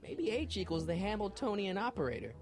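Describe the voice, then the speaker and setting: A man voicing a quick-witted teenage boy hero in a video game, casual and wisecracking. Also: sits high, sing-song, darkish tone. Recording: game audio with music behind.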